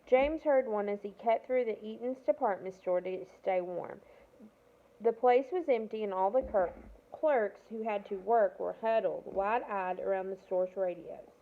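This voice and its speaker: Reading a children's novel aloud a little slowly, a woman with a medium-pitched voice sometimes stumbles, then corrects herself. The recording has a thin, phone-like quality.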